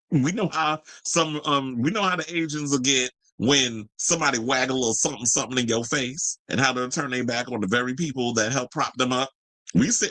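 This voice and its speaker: A man's voice: mid-range voice, bright, forceful tone, dry recording, low-quality recording. A man doing sassy, profane commentary on pop culture news, mocking and sarcastic as he reads and reacts. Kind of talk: ranting commentary video.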